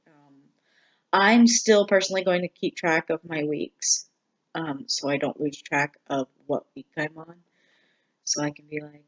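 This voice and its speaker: Subdued, halting vlogger with dull lo-fi sound. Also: medium pitch. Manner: halting and subdued, with many pauses and fillers. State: struggling emotionally, near tears. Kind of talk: casual personal video update.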